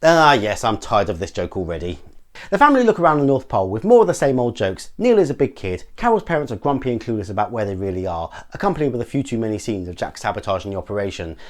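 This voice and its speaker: Quick, lively English man reviewing films. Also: lowish voice. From England. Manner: dry, sarcastic commentary. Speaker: film reviewer. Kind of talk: scripted film review narration.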